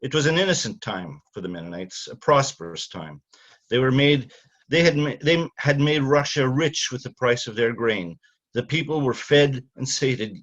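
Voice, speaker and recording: Halting older man from Canada, dull recording. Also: mid-range voice, fairly bright tone. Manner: halting, many fillers and restarts when speaking freely. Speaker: author at a reading. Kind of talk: talk then reading from his novel.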